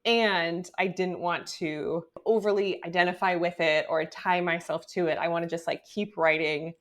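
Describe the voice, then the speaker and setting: A woman author being interviewed, telling her story in a chatty, animated way with lots of "like"s. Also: on the low side, normal speed. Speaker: guest author. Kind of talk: casual interview talk. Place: home office in New York.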